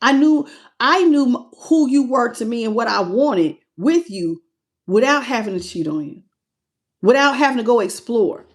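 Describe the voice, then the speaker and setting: A woman's voice: on the high side, expressive, normal speed, lightly acted. A woman acting out an indignant young man who refuses to take back his ex, speaking emphatically. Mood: firm. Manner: incredulous, emphatic.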